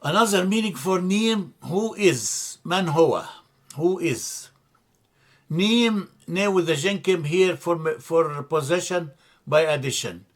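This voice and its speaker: Guy teaching a language class, talks real slow, goes over each word twice. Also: on the high side. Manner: slow and deliberate, repeats and spells out terms. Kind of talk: slide-based language lesson. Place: church classroom.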